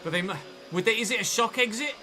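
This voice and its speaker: A man's voice: sits high, quick pace, pushed and bright, a little hiss or hum. An English man chatting and thinking aloud as he commentates on his own live gameplay stream. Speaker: game streamer.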